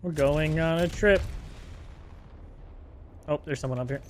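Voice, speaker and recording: A man's voice: on the high side, unhurried, slight background noise. A man streaming a video game, chatting casually with a teammate, joking and swearing offhandedly. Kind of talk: casual gaming chat.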